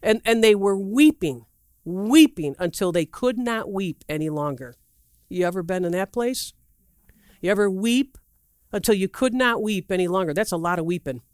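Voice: medium pitch, lively intonation, moderate pace, no room sound, studio quality. A preacher giving a sermon in a loose, rambling way, acting out quotes with big swings in the voice and asking the audience questions. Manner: asks the audience questions directly; loose, rambling delivery with restarts and asides.

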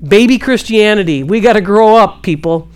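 A woman's voice: moderate pace, clean tone. A woman giving casual Christian teaching, answering a question and acting out her own prayers. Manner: animated, quotes God in hushed low voice.

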